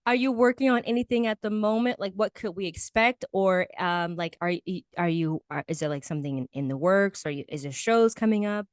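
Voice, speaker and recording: A woman's voice: mid-range voice, brisk, hardly any pauses, no echo, clean studio sound. A woman hosting a podcast interview, effusive and full of restarts and repeated praise. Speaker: podcast host interviewing a guest. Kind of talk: casual interview chat.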